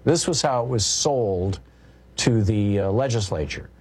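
Low-voiced man hosting talk radio. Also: measured pace, darkish tone, husky. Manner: discursive, many fillers and restarts. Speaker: radio talk show host. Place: radio studio.

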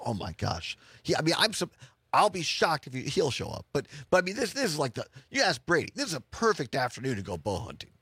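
A man's voice: a little high, wildly swooping pitch, fast talker, sharp tone, slightly rough, no room sound. A man from Wisconsin hosting a radio talk show, chatting casually and jokily with many restarts. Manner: rambling, jokey, restarts a lot.

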